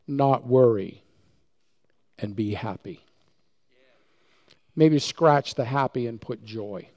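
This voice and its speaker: A man's voice: mid-range voice, vocal fry, darkish tone. A man pastor preaching a sermon in a church, emphatic and repeating key words for effect. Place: church sanctuary.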